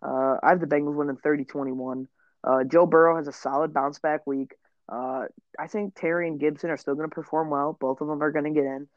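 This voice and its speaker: A brash young man trading football picks on a casual podcast, his voice pitched a bit high. He jokes and swears freely. The recording sounds dull and dry, with no room around it. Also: steady tone, fairly quick, dry recording. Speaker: podcast co-host. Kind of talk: casual sports chat.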